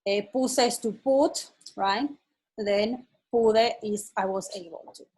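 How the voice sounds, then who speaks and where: Woman, online teacher, husky, mid-pitched, patient, checks for understanding. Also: slow pace, darkish tone, low-quality recording. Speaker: Spanish teacher. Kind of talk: online language lesson.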